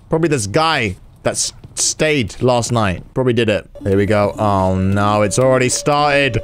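A man hosting a gaming video, giving excitable let's-play commentary, swearing and yelling in reaction. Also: medium pitch.

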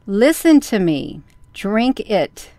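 A woman voicing a patient, motherly fairy who coaxes calmly in a storybook reading. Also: mid-range voice, slow, dry recording. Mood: coaxing. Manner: calm, coaxing.

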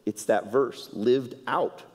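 A man's voice: medium pitch, slow pace, breathy edge. Man preaching in a reverberant hall. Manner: animated preaching that swings from loud emphasis to hushed asides. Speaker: pastor. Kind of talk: sermon. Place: church sanctuary.

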